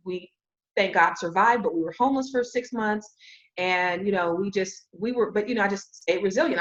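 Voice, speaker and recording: Animated woman telling stories, lo-fi audio. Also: medium pitch. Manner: animated storyteller acting out quoted dialogue. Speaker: podcast guest. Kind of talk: casual storytelling interview.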